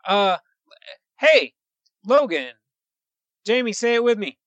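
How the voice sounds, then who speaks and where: A man's voice: high voice, big pitch swings, slow, fairly bright tone, no room sound, lo-fi sound. A man co-hosting a podcast in casual chat, joking and rambling with frequent restarts. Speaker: podcast co-host.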